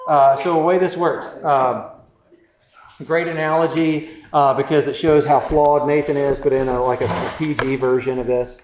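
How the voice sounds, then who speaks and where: A man's voice: medium pitch, fairly even intonation, moderate pace. Candid self-deprecating man in a roomy space. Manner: candid, self-deprecating, rambling with many fillers. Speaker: speaker giving relationship advice. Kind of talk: casual storytelling talk. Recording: roomy, dull sound with faint noise.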